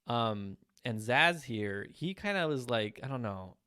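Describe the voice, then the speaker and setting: A young man hosting a solo movie review podcast, talking in an animated, blunt way and swearing freely. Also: mid-range voice, unhurried, clear, resonant tone, no room sound, clean studio sound. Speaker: podcast host.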